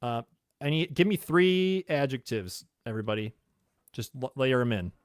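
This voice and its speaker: A man's voice: mid-range voice, expressive, moderate pace, clear, resonant tone, dry recording, clean studio sound. A man co-hosting a casual podcast livestream, hesitating with lots of ums and laughing often. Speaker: podcast co-host. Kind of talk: casual livestream chat, word game.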